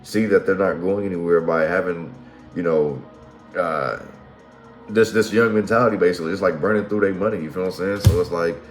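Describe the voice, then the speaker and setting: A low-pitched man talks fairly quickly while giving a casual tarot reading, full of slang and profanity, and he keeps asking "you feel what I'm saying" to check the listener follows. The recording has a roomy echo with faint music in the background.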